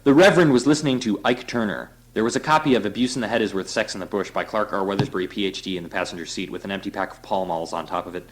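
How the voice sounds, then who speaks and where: A man's voice: fairly low pitch, very fast, few pauses, poor audio. A man reading a novel aloud to a group in a loose, laughing way, breaking off for offhand asides. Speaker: reader.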